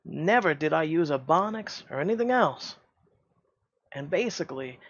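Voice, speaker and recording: A man's voice: a little high, animated, moderate pace, fairly bright tone, muffled recording. A man who hosts his own channel, speaking in a heated, defensive rant. He often repeats and stumbles over his words. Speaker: YouTube channel host.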